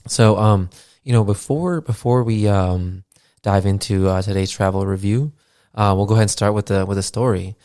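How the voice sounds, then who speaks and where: A man's voice: on the low side, normal speed, dark tone, no room sound, studio quality. A man in his thirties hosting a podcast, chatting loosely with lots of fillers and casual swearing. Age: 30s. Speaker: podcast host. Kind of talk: casual rambling monologue. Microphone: podcast mixer setup.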